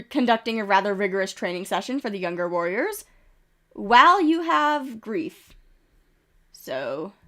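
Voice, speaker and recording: A congested, coughing woman with a mid-range, fairly bright voice streams a game from a desk microphone. She reads out what happens, tossing in giggles and chatty side remarks.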